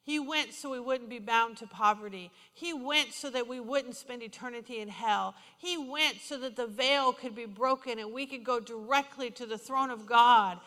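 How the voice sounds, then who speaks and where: A woman preaching a sermon, telling stories with passion and moving from loud declarations to hushed, intimate moments. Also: a little high, normal speed, few pauses. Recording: hall reverb.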